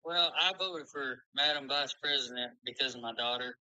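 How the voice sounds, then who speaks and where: Polite Southern man, bright smooth voice. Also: medium pitch, moderate pace, dry recording, low-quality recording. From Arkansas. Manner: friendly, polite, says sir and buddy. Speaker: caller, truck driver. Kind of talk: casual call-in chat.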